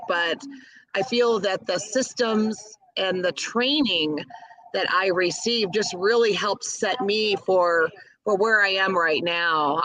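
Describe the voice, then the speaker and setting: A middle-aged caterer from the Chicago area gushes with enthusiasm as she tells stories during an interview. Her mid-range voice is pushed and bright, with no room sound, though the recording quality is low.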